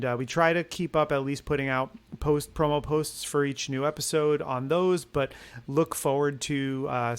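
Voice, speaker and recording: A man's voice: mid-range voice, a bit bright, clean tone. A man hosting a movie podcast, upbeat and chatty, making plugs and thanking his guest with frequent fillers. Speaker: podcast host. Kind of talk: casual podcast outro.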